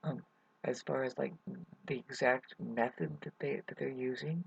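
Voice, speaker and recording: A man's voice: medium pitch, fairly even intonation, normal speed, gravelly, breathy edge, dry recording. A man rambling through a hesitant personal update to his viewers, full of fillers and restarts. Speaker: vlogger. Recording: dull lo-fi recording.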